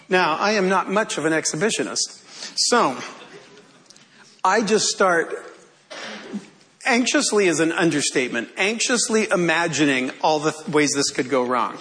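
A man's voice: high voice, sharp tone, slight background noise. A male pastor preaching to his congregation, telling a self-deprecating personal story with humor.

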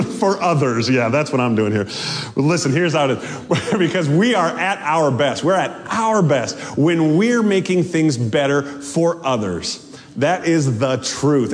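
A male pastor preaching a sermon in an animated, joking way, laughing often, in a church sanctuary. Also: on the high side. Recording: long hall reverb.

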